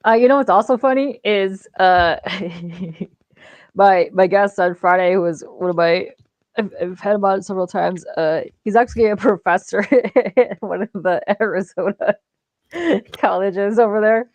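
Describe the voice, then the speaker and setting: A woman's voice: medium pitch, measured pace, a little mellow, no room sound. A woman hosting a casual online hangout, chatty and slipping laughs between her words. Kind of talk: casual chat. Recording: dull, dry lo-fi call audio.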